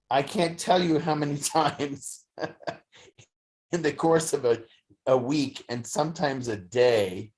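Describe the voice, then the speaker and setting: A teacher leads a study class at an unhurried, deliberate pace, with a voice of middling pitch. The delivery is halting and reflective, full of fillers and restarts as the thoughts take shape. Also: a little mellow. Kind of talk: slow, thoughtful lecture. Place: study session streamed on video call.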